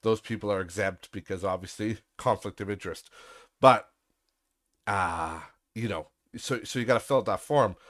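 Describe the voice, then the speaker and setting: A man's voice: on the low side, normal speed, a bit bright, dry recording, studio quality. A young man hosting a podcast, ranting in a profane, sarcastic and exasperated way. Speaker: podcast host.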